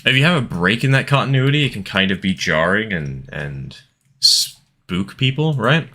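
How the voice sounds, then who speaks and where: A man's voice: fairly low pitch, lively intonation, brisk, sharp tone. A man chatting casually as he streams a train game, rambling through asides and laughing often. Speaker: gaming streamer. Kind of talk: casual gameplay commentary.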